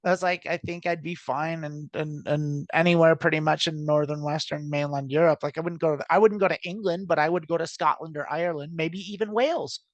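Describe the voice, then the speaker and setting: Speaking fairly quickly with hardly any pauses, this American trans woman rambles through a casual podcast chat she co-hosts, packed with fillers, frequent laughter, and free swearing. Her voice sits low with fairly even intonation, and the audio is dull but echo-free.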